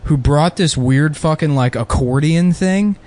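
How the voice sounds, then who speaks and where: Deadpan joking man on a podcast. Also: on the high side, measured pace. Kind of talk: casual comedy podcast chat.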